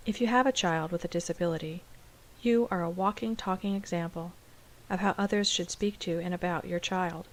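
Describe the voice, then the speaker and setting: Calm, low-voiced woman teacher. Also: poor audio. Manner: calm, measured, explanatory. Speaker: special education teacher. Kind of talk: scripted explanatory dialogue.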